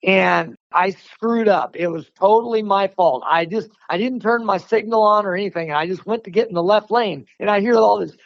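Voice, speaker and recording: A man telling a story in a casual, animated way, often laughing and restarting his sentences. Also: sits high, moderate pace, creaky, few pauses, no room sound, muffled recording. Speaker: martial arts instructor, podcast guest.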